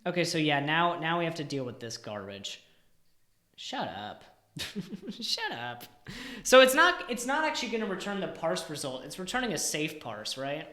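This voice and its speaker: Exasperated bright-voiced man thinking aloud. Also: on the high side, sing-song, brisk. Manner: exasperated muttering, drops to near-whispers. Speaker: live-coding streamer. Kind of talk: thinking aloud while coding. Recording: roomy echo.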